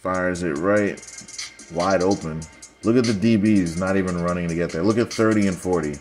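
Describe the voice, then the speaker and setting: A young man casually breaking down football highlights for viewers, analytical and sarcastic, talking straight to the audience. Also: normal speed, a little mellow, faint music behind. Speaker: football video commentator.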